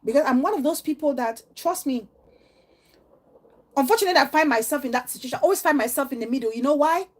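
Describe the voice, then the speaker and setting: A woman's voice: high voice, expressive, fast. A middle-aged woman vlogger giving an earnest, emotional and preachy monologue to her viewers. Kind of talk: heartfelt vlog monologue.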